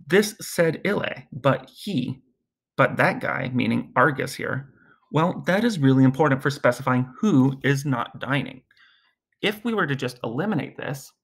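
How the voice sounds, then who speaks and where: A male Latin teacher's creaky, medium-pitched voice carries a laid-back recorded grammar lesson, with word forms chanted as drills.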